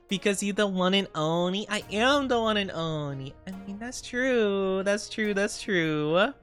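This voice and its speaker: A woman's voice: mid-range voice, animated, faint music behind. A young woman streaming and chatting casually with her live viewers, playful and bubbly, a little sleepy. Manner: playful, bubbly, quick to thank and tease back. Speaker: VTuber streamer.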